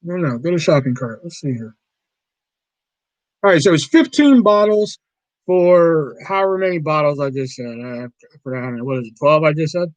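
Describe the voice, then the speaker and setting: A man chatting on a casual livestream in a rambling way that is full of profanity and quick to get riled up. His voice sits a bit high for a man, and the sound is dry and close, with no room echo. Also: lively intonation. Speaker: livestream host.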